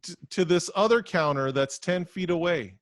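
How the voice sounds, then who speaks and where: Dude ranting and cussing on his podcast, voice on the higher side, no room echo. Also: normal speed, clean studio sound. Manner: profane, ranting storyteller; gets louder and higher when worked up. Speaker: podcast co-host. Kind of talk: casual chat.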